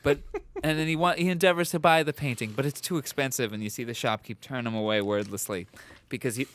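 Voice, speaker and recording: Smooth-voiced man riffing with hiccups. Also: medium pitch, steady tone, fast, fairly bright tone. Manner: laughs often, rambling improvised storytelling. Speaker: podcast co-host. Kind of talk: casual comedic chat.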